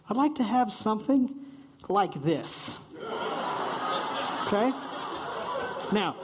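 A man giving a playful, animated short talk on stage to a live audience, acting out quick voices of diners and servers. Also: high-pitched. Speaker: speaker at a short-talk event.

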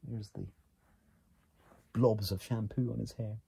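A man reading a children's picture book aloud, animated, gasping and exclaiming at the pictures. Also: fairly low pitch, unhurried, gravelly, husky. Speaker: reader.

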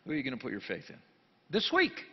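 Preaching in a church sanctuary, a pastor with a mid-range, slightly rough voice talks quickly, his pitch swooping wildly. He's jokey, shifting between hushed asides and loud emphatic bursts, captured in a dull lo-fi recording with long reverb.

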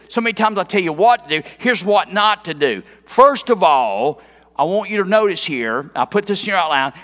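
A man's voice: sits high, pushed and bright, long reverb tail. A man preaching an expository sermon in a church, talking conversationally and quizzing the congregation. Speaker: pastor. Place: church sanctuary.

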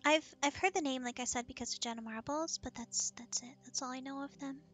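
A woman's voice: high-pitched, brisk, soft background music. A young woman streaming an online game with a friend, chatting casually and giggling through playfully self-deprecating banter. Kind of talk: casual gaming chat.

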